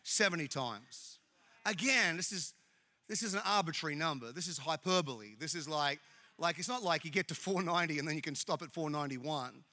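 A man preaching a sermon in an animated, jokey way, often repeating his words. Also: a little high, fairly quick. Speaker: pastor. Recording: echoey hall with long reverb.

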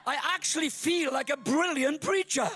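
A middle-aged Welsh man from Wales preaching as a guest speaker at a church service, joking and bursting into shouts. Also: very high voice, normal speed. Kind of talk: sermon.

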